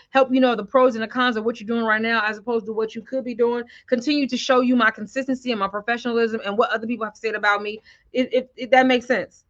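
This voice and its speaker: A woman with a fairly high, bright and forceful voice coaches her viewers on a live stream. She keeps stopping to ask whether they follow her, and the sound is muffled and lo-fi. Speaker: sales coach.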